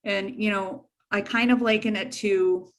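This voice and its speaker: A woman's voice: mid-range voice, fairly even intonation, measured pace. A middle-aged woman counselor giving a frank, informal webinar talk to teens, repeating key points for emphasis. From United States.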